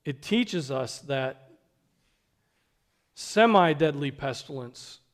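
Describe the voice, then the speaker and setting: A man preaching a sermon, earnest, posing rhetorical questions and dropping to a hush for emphasis. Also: fairly high pitch.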